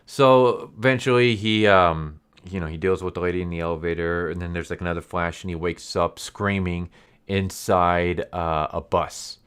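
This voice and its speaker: Low-voiced man rambling through a recap. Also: fairly even intonation, normal speed, a bit bright, smooth. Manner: rambling retelling with fillers and quoted dialogue. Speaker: video reviewer. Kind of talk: casual recap commentary.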